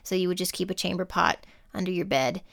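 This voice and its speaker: A woman's voice: on the low side, brisk, gravelly, a bit bright. A woman co-hosting a casual history podcast, reading out prepared facts and then cracking dry jokes. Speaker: podcast co-host.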